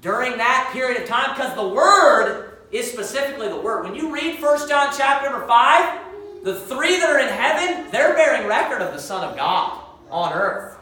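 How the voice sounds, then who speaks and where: A woman preaches a fervent sermon in a church sanctuary, her fairly high voice pushed and bright, with lively intonation at normal speed. She quotes scripture in King James wording, recorded from a distance in a very echoey hall.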